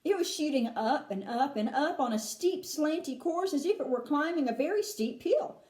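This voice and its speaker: Woman, teacher, reading a children's book aloud, expressive, chatty asides, roomy echo. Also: sits high, moderate pace.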